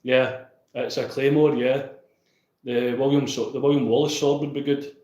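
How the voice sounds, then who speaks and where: A man's voice: mid-range voice, little pitch movement, moderate pace, darkish tone, echoey room, poor audio. A Scottish man chatting casually with viewers on a livestream, reading out and answering their comments.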